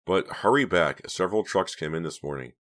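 A man's voice: sits low, lively intonation, a little fast, a bit bright. A man voicing a stern middle-aged male store manager in an audiobook, speaking sharply and with disapproval.

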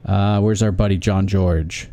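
A man's voice: deep voice, fairly even intonation, unhurried, mellow. A man co-hosting a casual sports podcast, wryly reading listener emails aloud. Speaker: podcast co-host.

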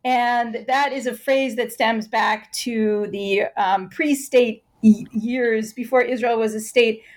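A woman's voice: on the high side, fairly even intonation, slow pace. A woman speaking as an expert guest in an interview, explaining fluently and giving concrete examples.

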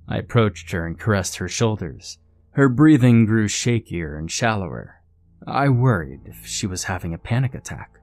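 A man reading a first-person horror story in a steady, measured way. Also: on the low side, dry recording. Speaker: narrator. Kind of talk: scripted horror story narration.

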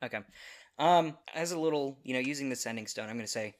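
A man playing a tabletop game, eager and excitable, swearing now and then. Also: medium pitch, fairly quick. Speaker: player.

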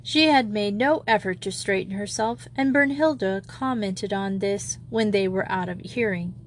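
Female audiobook narrator, even mid-range voice, gentle storytelling delivery. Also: mid-range voice, measured pace, a little hiss or hum. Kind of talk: scripted narration of a children's novel.

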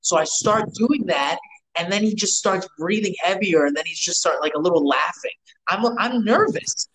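A man's voice: sits high, animated, moderate pace, background noise. A man, telling rambling, profane stories with lots of restarts in a casual chat. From New York.

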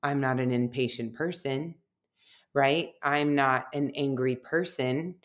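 A woman's voice: a bass voice, slow. A middle-aged woman, a research scientist guest, talking reflectively on a podcast, telling personal stories with many fillers. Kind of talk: casual podcast conversation.

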